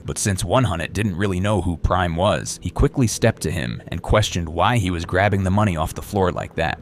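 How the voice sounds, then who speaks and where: Male narrator, deep register, steady scripted recap delivery. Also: normal speed, over loud music.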